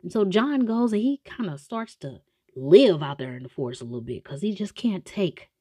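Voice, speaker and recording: A woman casually retelling a story with comedy, slangy and animated, with many asides. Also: on the low side, normal speed, slightly rough, no echo, clean studio sound. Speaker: show recapper.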